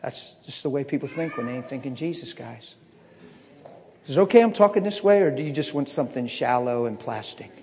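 A middle-aged man preaching a personal testimony, swinging from low muttering to impassioned shouting. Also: animated, brisk. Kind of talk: sermon testimony storytelling. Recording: echoey hall reverb.

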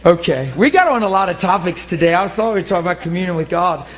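Male pastor, high voice, animated storyteller, dull lo-fi sermon recording. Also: quick pace. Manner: animated storytelling, laughing, high excited asides.

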